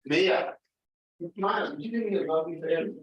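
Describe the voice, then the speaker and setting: A man's voice: fairly high pitch, moderate pace, roomy sound, dull audio, a little hiss or hum. A man hosting a class, making brief, casual interjections.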